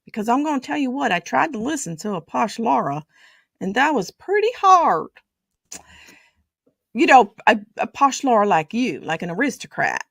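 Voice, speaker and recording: A woman hosting a casual chat, talking playfully with a slow, drawn-out delivery. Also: on the high side, big pitch swings, gravelly, fairly bright tone, no echo, clean studio sound. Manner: chatty, playful, drawn-out speech. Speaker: host.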